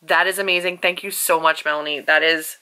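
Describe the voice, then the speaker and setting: Bright-voiced young woman gushing on a vlog. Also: sits low. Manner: gushing and animated, quick asides, lots of "like". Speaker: book vlogger. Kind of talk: casual vlog chat. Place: bedroom at home.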